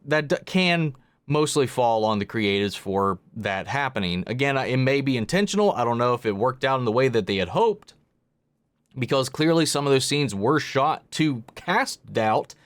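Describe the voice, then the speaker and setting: A man's voice: mid-range voice, animated, normal speed, no echo. A man hosting a reaction video, chatting casually in a rambling way, with lots of fillers and restarts. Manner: rambling, filler-heavy talk with frequent restarts.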